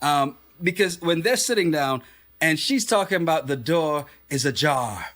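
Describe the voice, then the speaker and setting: A man's voice: fairly high pitch, expressive, moderate pace, a bit bright. A man co-hosting a podcast, chatting casually about a reality show, laughing often and acting out quotes. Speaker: podcast co-host. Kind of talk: casual reality TV recap chat.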